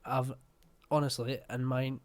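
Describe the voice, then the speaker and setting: This young reaction video host from Scotland has a medium-pitched, unhurried voice with little pitch movement. He speaks with an east Scottish accent, reacting in a blunt, chatty way and swearing casually.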